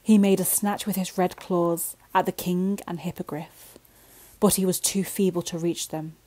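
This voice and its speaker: A woman telling a bedtime story in a gentle, slow way that sometimes drops to a whisper. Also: on the low side, fairly even intonation, rough recording.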